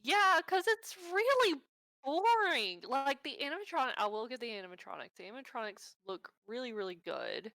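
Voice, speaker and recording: A woman's voice: high voice, big pitch swings, moderate pace, pushed and bright, no room sound. Woman in a podcast chat, dry teasing remarks, sound is dead dry. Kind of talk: casual chat.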